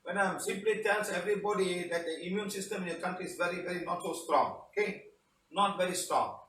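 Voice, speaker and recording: A man's voice: sits high, fairly even intonation, fairly quick, fairly bright tone, reverberant, recorded from a distance, a little hiss or hum, low-quality recording. A man teaching a live online healing session under a studio spotlight, chatty and often repeating "okay, guys".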